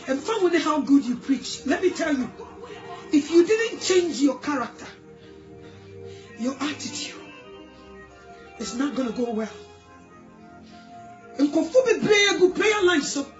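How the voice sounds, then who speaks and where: High-pitched tearful Ghanaian woman preaching. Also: reverberant, lo-fi sound. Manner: crying while pleading, mixes English and Twi. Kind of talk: tearful pleading sermon. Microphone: phone video.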